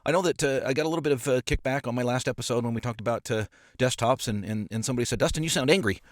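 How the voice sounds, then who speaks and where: Fast-talking passionate man, podcast host. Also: medium pitch, fairly even intonation, no echo, clean studio sound. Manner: passionate, emphatic, frequent filler words and repeats. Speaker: podcast host and appraiser coach. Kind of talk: casual podcast monologue. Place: parked car. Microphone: studio microphone.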